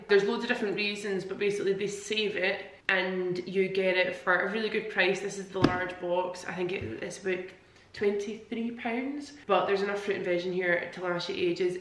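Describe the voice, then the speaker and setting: A Scottish woman vlogs in a gushing, chatty way, filming herself on a handheld camera. Her voice sits at an ordinary middle pitch. The hotel room around her echoes, and a faint hum runs underneath. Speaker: vlogger. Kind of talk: casual vlog chat.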